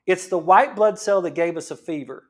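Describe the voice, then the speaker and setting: A man's voice: high-pitched, normal speed. A middle-aged man, a chiropractor giving a fired-up, preachy health talk full of rhetorical questions.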